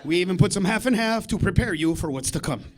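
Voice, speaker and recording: A man doing a stand-up comedy set on a club stage, loud and profane, swinging between shouting and muttered asides. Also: sits high, expressive, fast talker. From United States.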